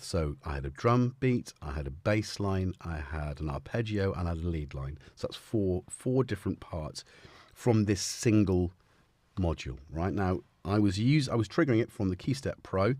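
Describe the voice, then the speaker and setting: A man's voice: low voice, a little mellow, dry recording. A man hosting a live stream, chatting in a rambling, jokey way that keeps interrupting itself. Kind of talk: casual live-stream chat.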